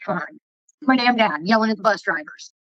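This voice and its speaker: A woman's voice: on the high side, expressive, fast talker, a bit bright, dry recording. A woman vlogger telling heated, profane stories in casual livestream chat, with dull lo-fi audio.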